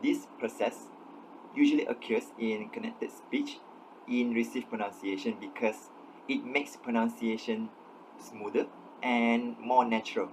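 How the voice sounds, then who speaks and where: A man's voice: mid-range voice, unhurried, a little hiss or hum, poor audio. A man giving an academic class presentation, steadily reading out definitions and examples. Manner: steady, read-out explanation with definitions. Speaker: student presenter.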